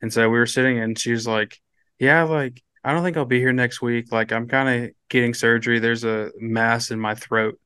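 A young man on a casual podcast, telling a story in an animated way and acting out the quotes. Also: medium pitch, moderate pace, clear, resonant tone, dry recording. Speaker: podcast co-host.

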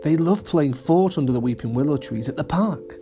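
A man gently narrating a children's audio story. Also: a little high, expressive, moderate pace, faint music behind.

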